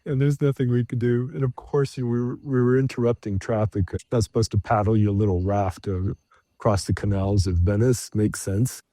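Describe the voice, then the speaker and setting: The speaker is a middle-aged man, a guest on a podcast, recounting a trip with lots of fillers and false starts. His voice sits on the low side and moves a little fast, there's no room sound, and he livens the anecdote by performing shouted lines.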